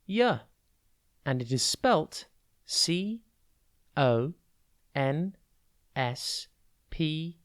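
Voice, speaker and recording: Brief: host for a scripted kids' vocab podcast, clear and measured, dry close recording. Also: medium pitch, a little mellow, no room sound. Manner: clear, measured teaching delivery.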